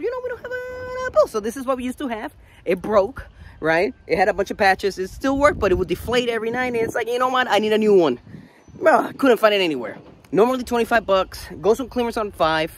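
A young man vlogging casually about a toy hunt, excitable and profane, telling animated stories. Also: high-pitched, slight background noise. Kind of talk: casual vlog chat.

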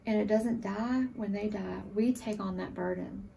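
A woman in her forties, a surviving military spouse, giving an emotional, earnest testimonial, sometimes halting. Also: medium pitch, steady tone, gravelly, warm tone, distant mic, a little hiss or hum. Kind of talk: testimonial interview.

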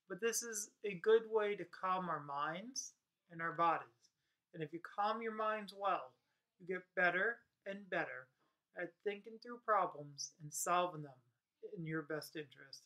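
A woman's voice: on the low side, bright, forceful tone. A woman teacher guiding students through breathing and muscle exercises, counting aloud and encouraging them. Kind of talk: guided mindfulness exercise for students. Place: home room during school shutdown. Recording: echoey room, voice far from mic.

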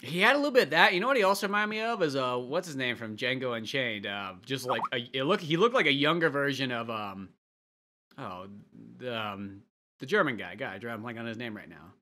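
A man co-hosting a casual movie podcast, animated and crude, often laughing. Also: medium pitch, a little fast, slight background noise. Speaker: podcast co-host.

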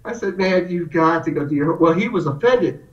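A man's voice: high-pitched, normal speed. A man telling stories in a casual conversation, acting out the voices of the people he quotes. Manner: animated storyteller, acts out quotes. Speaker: guest. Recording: echoey, distant, dull lo-fi sound.

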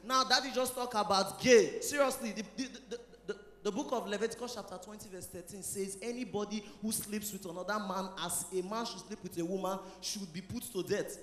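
A man with a Nigerian Pidgin accent doing a loud, animated stand-up set, mixing Pidgin and English. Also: sits high, brisk, few pauses. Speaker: stand-up comedian. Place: church hall stage. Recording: echoey hall with long reverb.

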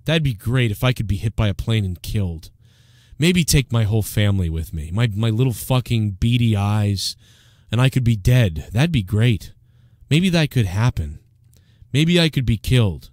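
A man doing a mocking impression of a gloomy, self-pitying male radio host who drones slowly. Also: fairly low pitch, no echo, clean studio sound, voice pushed down, close to an everyday voice. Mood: despondent. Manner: droning, slow, despondent monotone.

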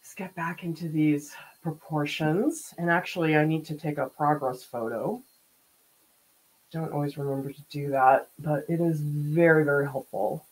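A woman art teacher keeps up casual, relaxed chatter as she paints on a livestream, reading viewer comments aloud and laughing a lot. She speaks at a normal pace in a low, breathy-edged voice with fairly even intonation, over poor audio.

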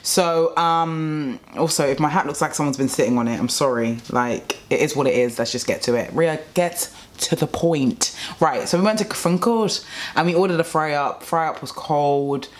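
A woman's voice: low-pitched, normal speed. A young woman telling a rambling, exasperated story about a bad restaurant meal in a casual vlog. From England. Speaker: vlogger.

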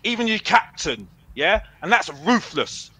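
A man's voice: high voice, big pitch swings, unhurried, bright, forceful tone, husky, rough recording. A man, a football fan arguing heatedly on a fan show, brash and boastful, repeating himself. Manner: brash, boastful, repeats himself, calls himself Mister Box Office.

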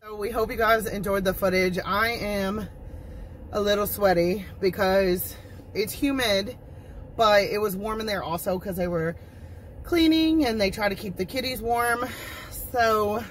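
A middle-aged woman, vlogging casually and cooing at cats in a high sing-song voice while talking through a face mask indoors. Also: measured pace, a little hiss or hum. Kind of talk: casual vlog chat. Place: indoor cat shelter room. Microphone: handheld camera, talking through a face mask.

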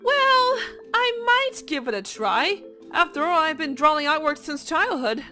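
A woman's voice: sits high, big pitch swings, a little slow, sharp tone, faint music behind, heavily acted. A woman in her twenties playing an upbeat, bossy young team leader on a cartoon survival show, peppy and commanding as she rallies her team. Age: 20s. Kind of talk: cartoon dub acting.

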